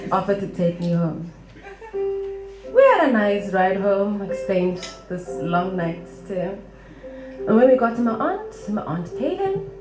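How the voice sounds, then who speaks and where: Woman, live storyteller, humorous, expressive, slow pace, echoey hall, background music. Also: medium pitch. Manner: humorous, expressive, laughs often.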